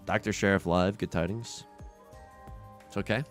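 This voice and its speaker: Excitable gravelly male game streamer. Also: mid-range voice, normal speed, faint music behind. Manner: wildly swinging, shouts and cries out, laughs often. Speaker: streamer playing online mahjong. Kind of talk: casual live-stream commentary.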